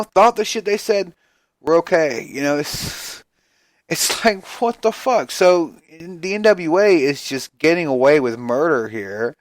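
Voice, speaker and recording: A man's voice: on the high side, animated, moderate pace, no echo. Male podcast host, tired and profane, rambling rant, dry close sound. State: tired, yawning. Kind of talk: casual solo podcast rant.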